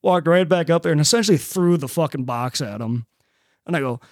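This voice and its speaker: A man from Nebraska telling a story on a casual podcast, profane and animated as he acts out what people said. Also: fairly high pitch, a little fast, dry recording, studio quality. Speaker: podcast host.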